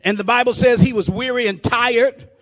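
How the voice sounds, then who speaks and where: A male preacher delivering a fervent sermon, calling out to the congregation, peppering his speech with praise and building into shouted, rhythmic refrains. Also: extremely high pitch, steady tone, moderate pace. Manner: fervent, call-and-response preaching.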